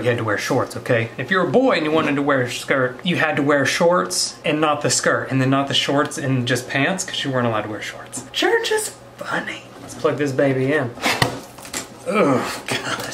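Animated young man joking to a prop. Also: fairly high pitch, slight background noise. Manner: playful, jokey asides to an object. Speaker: vlogger. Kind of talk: comedic vlog, talking to a prop.

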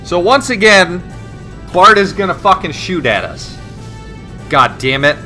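Bright, lively-voiced man cursing at a game. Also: sits high, unhurried, soft background music. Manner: profane, sarcastic, excitable. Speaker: let's play host. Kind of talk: gameplay commentary.

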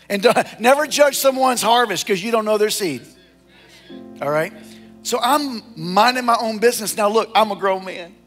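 Pastor guy, middle-aged, high voice, fired up, calling out to the church, faint music behind. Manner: animated, exhorting the crowd with call-outs and repeated phrases. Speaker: lead pastor. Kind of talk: sermon.

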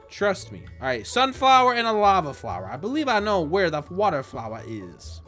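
A young man giving joking gameplay commentary from his desk at home, with deadpan gags and sudden loud outbursts. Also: high voice. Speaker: gaming YouTuber.

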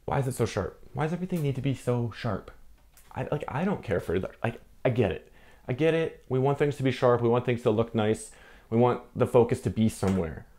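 A young film photography vlogger with a warm, expressive, medium-pitched voice talks briskly to camera about a film stock. Rambling and jittery, he often stops himself short and blames it on too much coffee.

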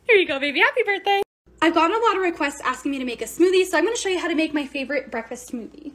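A young woman talks through her lifestyle clips in a bubbly, gushing vlog voice-over. Her voice sits high and leaps around a lot. She talks fast. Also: very animated, fairly bright tone. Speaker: social media creator. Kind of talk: casual vlog narration.

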